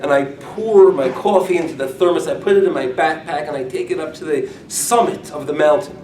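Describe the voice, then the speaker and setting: A man's voice: a little high, fairly quick, a little mellow, a little hiss or hum. A man, a rabbi, giving an informal talk to a group, telling stories with animation and humor. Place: room with curtains. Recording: echoey room, mic from far off.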